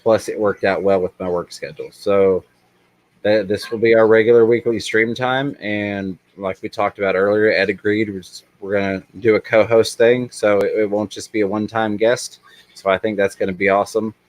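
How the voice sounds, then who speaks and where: A man's voice: on the low side, steady tone, normal speed, dry recording. A man hosting a casual livestream, reading chat aloud and rambling with many ums. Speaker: livestream host.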